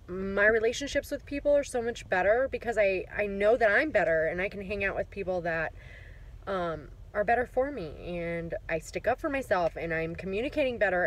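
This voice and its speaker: A woman's voice: medium pitch, rough recording. A woman recording a casual video diary, gushing with gratitude, close to tears and laughing between words. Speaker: client giving a testimonial.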